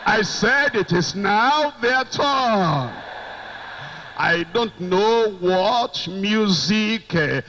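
A man preaching a sermon, slow and emphatic, repeating phrases and shouting out quoted lines. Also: sits high, slight background noise, poor audio.

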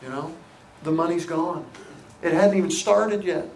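Middle-aged American male pastor, emphatic sermon delivery with hushed asides, distant mic in an echoey hall with faint ambience. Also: fairly high pitch, measured pace, a little hiss or hum. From United States. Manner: emphatic, repeating phrases, swings between loud and hushed.

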